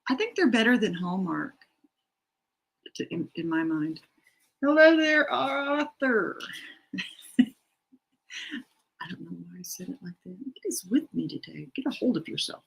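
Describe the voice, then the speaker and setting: In poor audio from her home, a middle-aged woman hosts a writing sprint stream, reading out comments and rambling with self-deprecating remarks. Her voice sits on the low side and is very animated, creaky and slightly rough, at a normal speed with frequent pauses.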